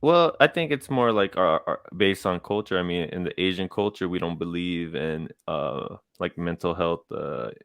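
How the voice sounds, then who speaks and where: A man co-hosting a casual podcast, talking in an animated way, giggling often and trailing off mid-sentence. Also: deep voice, normal speed, vocal fry, few pauses, dry recording, clean studio sound. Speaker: podcast co-host. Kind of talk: casual chat.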